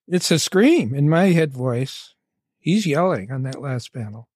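A man's voice: medium pitch, expressive, measured pace, a little mellow, dry recording, clean studio sound. A man on a podcast, telling a self-deprecating story about his own early comic strip. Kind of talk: casual podcast discussion.

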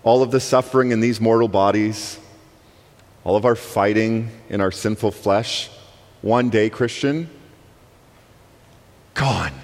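A man's voice: lowish voice, fairly even intonation, measured pace. Emphatic male preacher in a reverberant church. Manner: emphatic, swinging between soaring and hushed delivery. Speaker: guest preacher. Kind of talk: sermon. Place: church sanctuary. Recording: long reverb of a church hall.

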